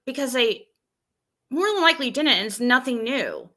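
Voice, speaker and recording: A woman's voice: high voice, very animated, moderate pace, pushed and bright. A woman streamer venting, recounting an argument in an agitated rush with frequent restarts. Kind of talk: venting live stream monologue.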